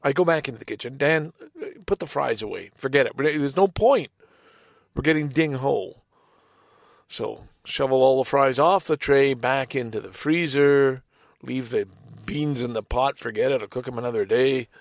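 A middle-aged man telling a casual personal anecdote in a rambling, halting way, with sighs and restarts. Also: mid-range voice, creaky, dry recording, clean studio sound. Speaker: storyteller.

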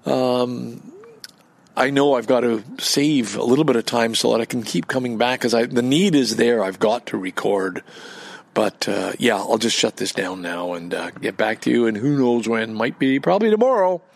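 A man's voice: medium pitch, moderate pace, vocal fry. A man recording a casual, rambling monologue outdoors in a park, swearing freely and flaring up as he gets indignant. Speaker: vlogger.

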